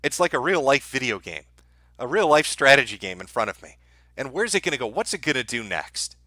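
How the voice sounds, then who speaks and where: A middle-aged man hosting a live stream, his voice bright and forceful. He talks to his chat in a crude, mocking, deadpan way. The sound is dry and close on a desk mic. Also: mid-range voice, a little fast, no echo. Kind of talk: sardonic live-stream commentary.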